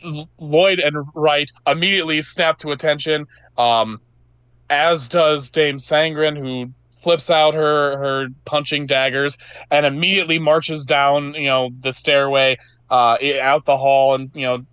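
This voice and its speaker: Smooth-voiced male game master. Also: fairly high pitch, fairly even intonation, a little slow, a bit bright, dry recording. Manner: loose narration, frequent ums and swearing. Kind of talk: narrating a tabletop game.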